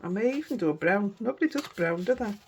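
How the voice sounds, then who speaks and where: A woman's voice: mid-range voice, lively intonation, fast talker, darkish tone, slight background noise. Yorkshire woman, craft vlogger, casual rambling chat, breaks off and restarts often. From Yorkshire, England. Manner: chatty, rambling, self-interrupting.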